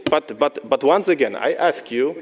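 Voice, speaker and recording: A man from Poland, speaking halting, repetitive, formal English at a press conference. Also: a little high, expressive, long reverb tail, a crowd in the background.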